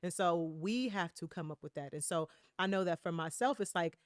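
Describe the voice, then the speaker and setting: A woman's voice: on the low side, moderate pace, no echo. Reflective woman in a dry recording. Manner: reflective, with many fillers and tag questions. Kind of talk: candid conversational interview.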